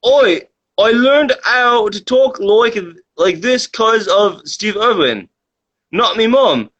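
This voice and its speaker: A man putting on an impression of a loud, excitable Australian wildlife presenter, with a high, shouting, exaggerated Australian drawl. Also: takes it slowly, full character voice. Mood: excited. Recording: dull lo-fi mic.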